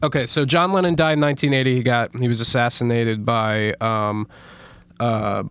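A man's voice: medium pitch, steady tone, normal speed, a bit bright, clear, resonant tone. A man co-hosting a casual podcast, reading stories aloud with stumbles and frequent laughter. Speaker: podcast co-host.

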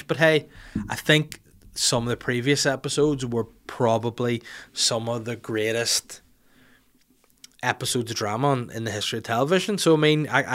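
A man's voice: mid-range voice, a bit bright. A young man hosting a podcast in a cheeky, rambling, sweary casual chat. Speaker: podcast host.

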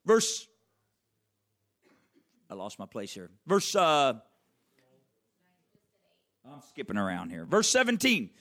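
A man's voice: mid-range voice, wildly swooping pitch, slow, pauses often, fairly bright tone. A man preaching a sermon, reading scripture aloud and stressing key phrases with emphatic repetition.

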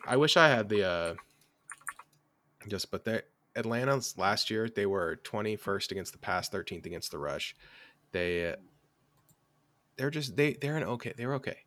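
A man's voice: lowish voice, a bit bright, slight background noise. A man hosting a sports podcast, chatting casually with rambling, self-deprecating asides and many fillers. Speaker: podcast host. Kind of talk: casual sports chat and sponsor read.

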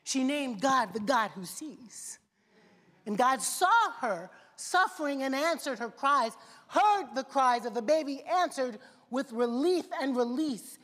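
A woman's voice: sits high, lively intonation, slow pace, a bit bright. Impassioned woman preaching in a reverberant hall. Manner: impassioned, rhetorical questions, repeated phrases. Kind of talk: sermon. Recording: long reverb of a large hall.

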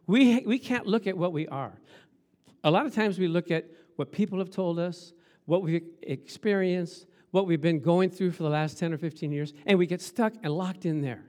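A man with a high, light voice preaches a lively sermon. He acts out scenes as he goes, rising and dropping his voice and breaking into laughs. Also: normal speed. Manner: animated, acts out Bible scenes, laughs often. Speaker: pastor.

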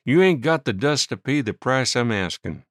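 A man's voice: medium pitch, animated, normal speed, no echo, clean studio sound, lightly acted. A man voicing a shrewd frontier miner who sells flour, speaking curtly.

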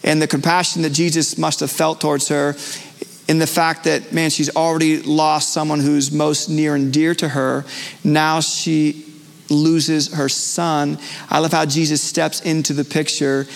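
A man's voice: a little high, little pitch movement, unhurried, gravelly. A male pastor preaching a live sermon in a church, earnest and conversational with frequent fillers and restarts. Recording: long church hall reverb.

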